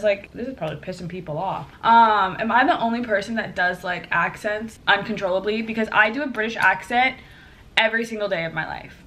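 A woman's voice: medium pitch, a little fast, a bit bright, slight background noise. A young woman vlogger chatting casually through a clothing haul, bubbly and gushing, full of filler words.

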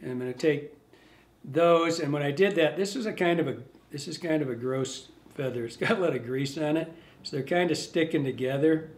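A man giving a casual step-by-step fly tying demonstration, relaxed and rambling as he thinks aloud while working. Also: a little high, fairly quick.

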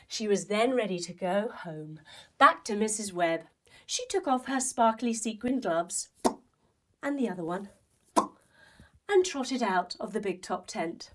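A young adult woman telling a playful children's story while guiding a yoga class, with expressive delivery and movement cues. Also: fairly high pitch, a little slow. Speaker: kids yoga teacher and storyteller.

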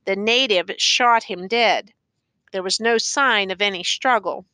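A woman's voice: mid-range voice, bright, forceful tone, clean tone, no echo. A woman reading a grave, formal police captain. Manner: measured, formal, dutiful.

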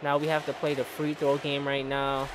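A young man commentating his own basketball video game play for viewers, animated and exasperated at his teammates. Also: medium pitch, moderate pace, a crowd in the background, poor audio. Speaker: gaming YouTuber. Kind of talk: live gameplay commentary. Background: game music and sound.

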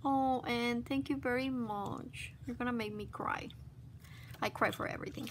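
Woman vlogger, effusive and exclamatory, slightly high voice, unhurried delivery, noisy home recording. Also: fairly even intonation, a bit bright. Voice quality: gushing, exclamatory. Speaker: craft vlogger opening mail. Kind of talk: casual unboxing chat. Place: at home by her desk. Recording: noisy background hiss.

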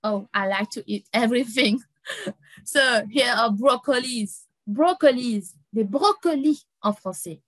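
A young woman teaching an online lesson for children, repeating each word slowly and laughing often. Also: on the high side, a bit bright, dry recording, rough recording. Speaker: French teacher for kids.

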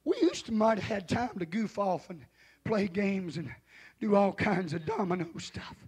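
A man preaching a revival sermon as pastor in a church, hollering in rising shouted refrains. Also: high-pitched, expressive, moderate pace, breathy edge.

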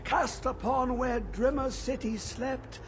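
Septimus, a cryptic old scholar. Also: male voice, extremely high pitch, background noise. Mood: cryptic, rambling. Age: older. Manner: riddling, cryptic, slow with sudden whispers. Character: eccentric old male hermit scholar, cryptic and rambling. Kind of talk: video game voice acting.

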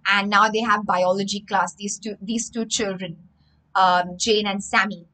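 A woman's voice: mid-range voice, steady tone, measured pace, sharp tone, rough recording. A young woman, reading a story aloud on a livestream and rephrasing each line in simpler words for children. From India. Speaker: storyteller and English teacher.

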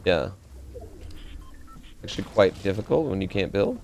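A man's voice: low-pitched, sing-song, moderate pace, gravelly, a little mellow, a little hiss or hum. A man playing as a teammate in a video game, chatting casually and swearing now and then. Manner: laid-back, swears casually. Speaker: teammate in a battle royale game. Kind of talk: casual gaming chat.

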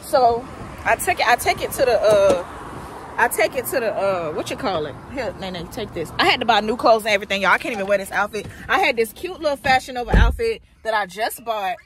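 A young woman vlogging casually to her viewers, telling an exasperated story with animated flair and talking to them directly. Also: a little high, a little fast, background noise. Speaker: vlogger, mother. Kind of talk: casual vlog chat. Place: in a car, then outdoors at a park.

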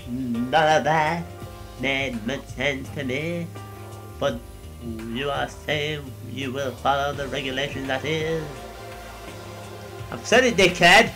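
A young adult doing a drunken comic dub of game dialogue, giggly and slipping into put-on high voices. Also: slow pace, pauses often, over music. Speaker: player voicing game dialogue.

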